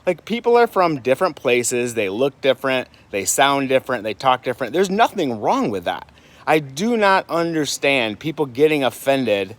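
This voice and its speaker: Michigan guy vlogging, rambly, lots of "right?" and restarts, medium pitch. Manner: rambling, many fillers and restarts, rhetorical questions. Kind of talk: casual vlog talk. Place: home in Puerto Rico.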